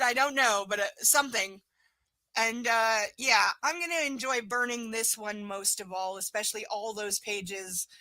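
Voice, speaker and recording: A woman with a high, bright voice hosts a casual livestream from home. She drifts between cooing baby talk at her dog and dry sarcasm about the book. The sound is close and dry. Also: no echo, rough recording. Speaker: livestream reader and host.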